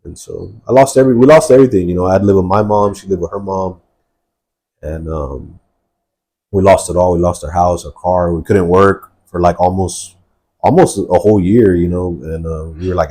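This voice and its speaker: A man's voice: deep voice, steady tone, normal speed, mellow. A man sharing his personal testimony in a podcast interview, talking earnestly and rambling with many fillers.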